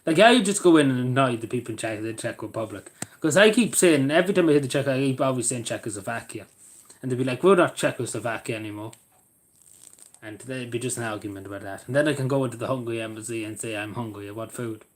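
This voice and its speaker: A man chatting casually on a live stream, rambling and joking, his voice often trailing off quietly at the ends of sentences. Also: mid-range voice, lively intonation, fast talker.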